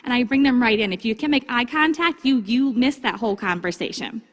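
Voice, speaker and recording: A woman giving a casual, upbeat training talk to her sales team, breaking into livelier, higher tones when she acts out chats with customers. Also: fairly quick, fairly bright tone. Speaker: direct sales consultant giving vendor training. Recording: long hall reverb.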